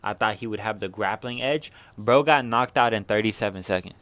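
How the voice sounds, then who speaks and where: A man's voice: lowish voice, brisk, fairly bright tone, no room sound. A young man hosting a casual fight recap, rambling along in slang and constant swearing.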